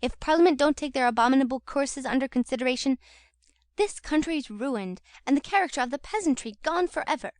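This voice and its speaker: A woman's voice: high voice, expressive, brisk, no echo. Woman doing a blustering pompous beadle. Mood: stern. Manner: blustering, scolding, moralizing. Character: pompous indignant male parish beadle.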